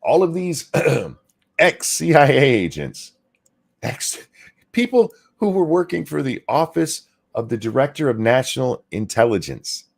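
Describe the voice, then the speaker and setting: A male show host talking fast and ranting with sarcasm, dropping swear words as he goes. His pitch swings widely, rising and falling through every point. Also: gravelly. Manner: animated, swearing, sarcastic rants. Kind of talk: casual political commentary chat.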